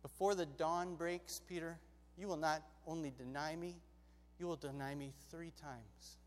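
A man voicing a calm, patient teacher, speaking quietly and gently. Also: high-pitched, measured pace, in a large hall. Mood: tender.

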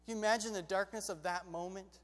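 Preacher, man, storytelling sermon, high voice, big reverberant hall. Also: fast. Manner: lively, conversational, shifts between loud and hushed.

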